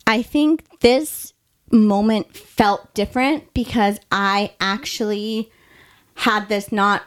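A young adult woman hosting a podcast, telling her own story in a candid, heartfelt way with quick bursts of speech. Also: mid-range voice, fairly even intonation, clean tone.

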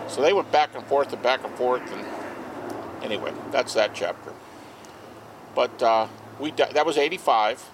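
A man speaking as a guest at an outdoor garden party, telling anecdotes in an animated way. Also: mid-range voice, a little slow, pauses often, noisy background. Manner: animated, acts out quoted speech. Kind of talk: anecdotal storytelling to a small group.

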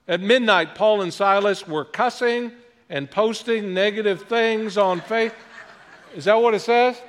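A man preaching a sermon as a guest pastor, lively, with joking asides about himself. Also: high voice. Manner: self-deprecating joking asides, animated delivery. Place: church sanctuary. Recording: long hall reverb.

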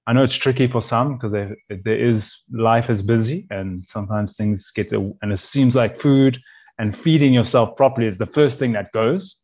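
A man's voice: mid-range voice, normal speed, darkish tone, husky. A man who is a chef, speaking as a podcast guest in an earnest, rambling way with frequent restarts. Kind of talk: casual conversational interview.

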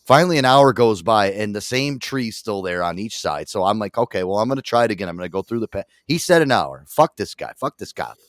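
A man's voice: lowish voice, animated, fairly quick, few pauses, no echo, studio quality. A man hosting a radio show, telling a story casually and swearing constantly.

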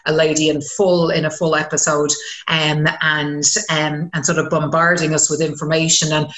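A woman's voice: deep voice, normal speed, reverberant. A woman, a community counsellor talking frankly in casual chat and swearing when she gets worked up. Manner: frank and animated, swears freely.

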